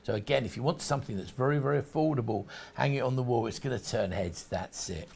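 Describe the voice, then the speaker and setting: A man's voice: medium pitch, fast, creaky, a little mellow, husky. A man hosting a shopping channel, talking through collectables in chatty, rambling sales patter with frequent restarts. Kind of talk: sales presentation.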